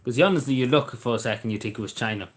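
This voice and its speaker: Talking very fast in a mid-range voice, an Irish man hosts a live stream and chats with his audience. His style is rambling and blunt with plenty of swearing, and he's recorded indoors through a camera mic.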